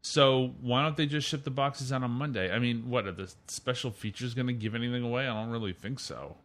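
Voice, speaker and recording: A man's voice: mid-range voice, brisk, a bit bright. A man hosting a casual gaming podcast, chatty and opinionated, steering the conversation through the news. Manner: chatty, opinionated, leads the topics. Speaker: podcast host.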